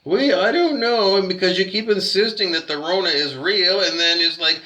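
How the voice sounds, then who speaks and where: A man's voice: high voice, normal speed, pushed and bright. A man ranting animatedly in casual talk, rambling with false starts and complaints. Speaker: conference speaker. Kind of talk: casual rant.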